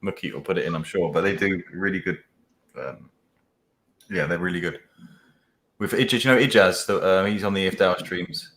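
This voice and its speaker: A man in casual chat who speaks in one even tone, with hesitant restarts. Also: low-pitched, normal speed, long pauses.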